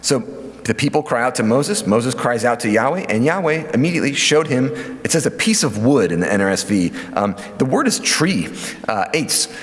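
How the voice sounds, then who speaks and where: A man giving a church lecture on scripture, lively and conversational with many fillers and asides. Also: mid-range voice, normal speed. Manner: lively teaching with fillers and acted quotes. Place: church hall. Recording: hall reverb.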